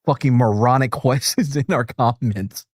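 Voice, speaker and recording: A male podcast host in casual reaction chat, talking in an animated, sarcastic, excitable way. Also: medium pitch, normal speed, dry recording.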